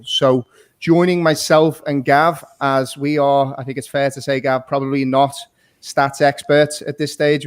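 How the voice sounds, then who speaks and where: A man hosting a casual football podcast, friendly, laughing often and restarting his words. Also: mid-range voice. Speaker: podcast host.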